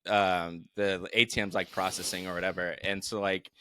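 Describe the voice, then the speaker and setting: A man's voice: deep voice, flat delivery, moderate pace, a bit bright, smooth, no echo. A man co-hosting a casual podcast, telling a rambling anecdote, swearing and laughing as he goes. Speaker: podcast co-host.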